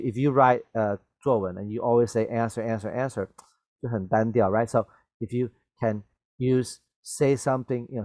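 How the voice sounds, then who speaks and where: A man's voice: medium pitch, a little mellow, no echo. Man teaching English, checking in constantly. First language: Mandarin Chinese. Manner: explains words patiently, mixes in Mandarin, asks "okay?" and "right?" often. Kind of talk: vocabulary lesson reading a story aloud.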